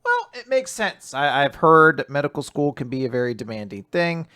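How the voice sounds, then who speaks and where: Animated man recapping comics. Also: on the high side, moderate pace, smooth. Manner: animated, acts out dialogue in voices. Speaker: podcast co-host. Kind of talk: casual chat recapping comics.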